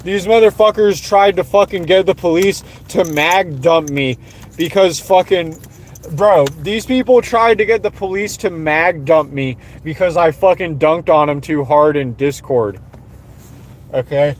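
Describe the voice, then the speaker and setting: Profane, high-voiced man ranting heatedly. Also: unhurried, slight background noise. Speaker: streamer. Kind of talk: angry ranting monologue.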